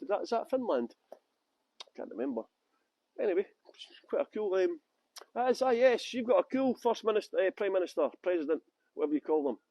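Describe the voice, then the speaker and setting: A man from West Yorkshire leads a live-streamed walking tour outside on city streets, joking with his viewers and greeting them by name. His voice sits high for a man, and it comes across close and dry with hardly any reverb. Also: dark tone, muffled recording. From Halifax, West Yorkshire, England. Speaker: tour guide.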